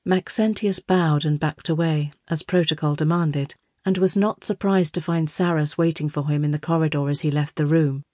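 Casting: woman narrator for an audiobook, low voice, measured storytelling, close and dry. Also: fairly even intonation, darkish tone, dry recording. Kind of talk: scripted narration.

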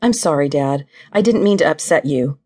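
A woman's voice: sits low, lively intonation, normal speed, warm tone, breathy edge. A woman voicing a determined, grieving young woman in an audiobook, earnest and reassuring.

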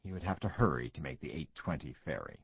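A man narrating an audiobook in an expressive, measured way, close to the mic. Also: very deep voice, vocal fry, husky, no room sound, lo-fi sound. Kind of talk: scripted narration.

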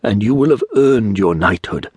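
A man's voice: on the low side, lively intonation, moderate pace, slightly rough, no room sound. A man voicing an old, secretive male stranger in a monk's habit, speaking in an urgent, pleading whisper.

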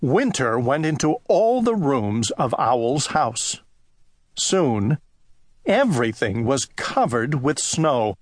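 A male narrator reads a children's story slowly and gently, his pitch rising and falling with lots of life. The recording is dry and close, with no room sound at all. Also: lively intonation, dry recording. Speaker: audiobook narrator.

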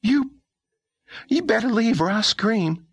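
Scared young woman, a man putting her on in a high falsetto, urgent and breathless, husky tone. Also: lively intonation, slow pace, no echo, full character voice. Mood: frightened. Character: frightened young woman, quick and protective.

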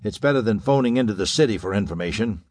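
A man voicing a heavyset, commanding middle-aged man with a deep, authoritative way of speaking in an audiobook. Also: animated, fast talker, darkish tone, no echo, studio quality.

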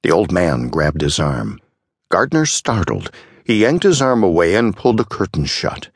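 A man narrating a short story in a measured, dramatic storytelling manner. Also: sits low, sing-song, no echo, studio quality. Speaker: audiobook narrator. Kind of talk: scripted narration.

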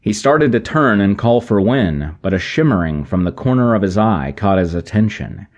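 A man narrating an action sci-fi audiobook in a measured, even way. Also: on the low side, highs cut off. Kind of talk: scripted narration.

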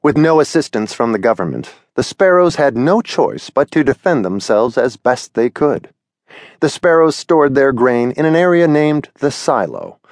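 Male storybook narrator, middle pitch, very animated reading, dry close recording. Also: no echo. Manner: expressive, storytelling. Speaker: audiobook narrator. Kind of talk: scripted children's story narration. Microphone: close studio mic.

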